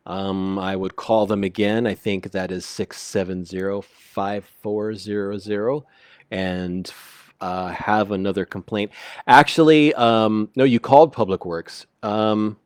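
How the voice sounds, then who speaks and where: A man's voice: lowish voice, steady tone, measured pace, smooth, no room sound, clean studio sound. A man hosting a live local community radio show, chatting casually, stammering and restarting as he reads out listener comments. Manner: stammering, frequent fillers and restarts; reads out listener comments and gives shout-outs. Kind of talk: live call-in community chat. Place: at a home computer.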